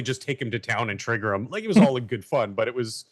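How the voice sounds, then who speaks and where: A man's voice: mid-range voice, very animated, fast, hardly any pauses. A man on a panel show who chats casually and rants in exasperation. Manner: exasperated ranting.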